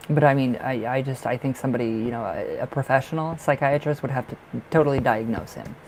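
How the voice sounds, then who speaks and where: Talking fast in a medium-pitched, darkish, gravelly voice, a tarot reader does a live reading for his viewers. He's emphatic and rambling, loops back on his points, fills gaps with fillers, and curses freely. Audio is poor, with a faint hiss underneath.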